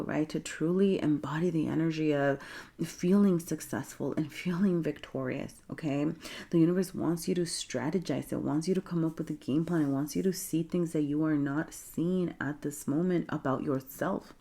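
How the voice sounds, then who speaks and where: A woman's voice: low-pitched, moderate pace, dark tone. A woman giving a chatty, encouraging tarot reading, laughing often and checking in with "okay?". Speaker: tarot reader. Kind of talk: casual tarot reading to camera.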